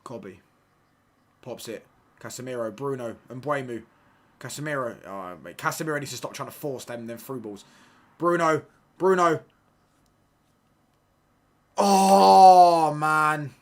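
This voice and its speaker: A young man hosting a live football watchalong, reacting to the play and chatting with viewers in slangy, excitable talk. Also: mid-range voice, normal speed. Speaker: watchalong host.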